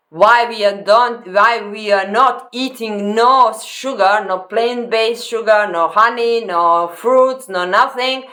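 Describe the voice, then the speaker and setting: Halting, slow-talking woman reacting to a clip. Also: medium pitch, a bit bright. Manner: halting non-native phrasing, repeating words. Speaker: reaction video host. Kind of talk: commenting on a played clip.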